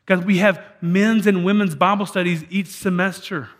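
A man's voice: sits high, fairly even intonation, normal speed. A man preaching a sermon as a church pastor, talking in a conversational way with frequent restarts.

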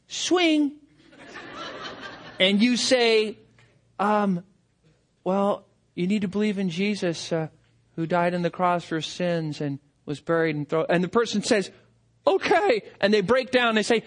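A man delivers a sermon with a fairly high voice. He is animated and swings his delivery up and down as he acts out what people say. It sounds like a preacher working through a passage for his congregation.

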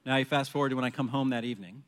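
A man in his forties preaching a sermon, telling a personal story in an animated way and acting out his own panicked phone call. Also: medium pitch, racing. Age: 40s. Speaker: pastor. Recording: long hall reverb.

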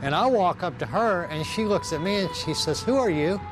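A man, telling his own story of forgiveness in an earnest, slow way. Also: high voice, lively intonation. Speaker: testimony speaker. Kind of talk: personal testimony. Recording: music bed underneath.

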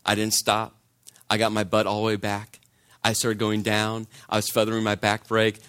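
A man's voice: on the low side, completely flat delivery, normal speed, a bit bright, clean tone. A man preaching a sermon, telling a personal story in a conversational way and repeating phrases for emphasis.

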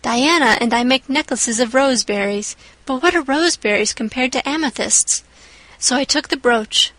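A woman voicing an imaginative, dramatic young orphan girl who talks in breathless, earnest rushes. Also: high voice, a bit bright, no echo, rough recording. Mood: confessing. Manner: breathless, pleading then earnest.

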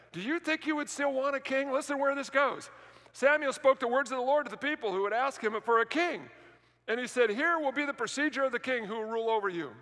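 A man preaching a sermon as pastor, animated and jokey, calling on the congregation to answer back. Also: very high voice. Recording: reverberant hall sound.

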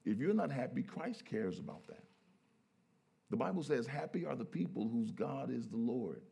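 A man preaching a sermon, who moves from low, quiet stretches to loud, emphatic peaks. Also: sing-song, moderate pace, creaky.

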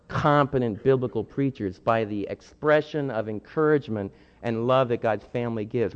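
Animated preacher man in a reverberant hall. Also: mid-range voice. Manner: animated, acts out quoted voices. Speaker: pastor. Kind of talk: sermon. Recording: muffled hall recording with long reverb.

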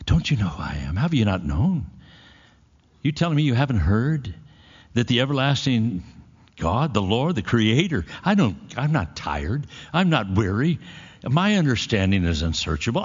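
A man speaking as God, an all-powerful father reassuring his people, firm and at times hushed. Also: mid-range voice, husky. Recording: dull echoey hall recording.

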